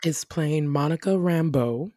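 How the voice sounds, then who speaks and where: A woman chatting casually on a podcast, an animated storyteller who acts out her own reactions. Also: low voice, a little slow, no echo, clean studio sound. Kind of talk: casual chat.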